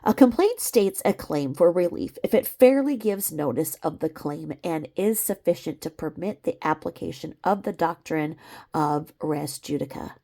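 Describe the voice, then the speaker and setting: Gravelly-voiced woman reading a legal filing. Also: low voice, lively intonation, moderate pace, warm tone. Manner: reads legal citations, breaks off with sarcastic asides and laughs. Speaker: commentator reading a court filing. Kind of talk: reading aloud with commentary.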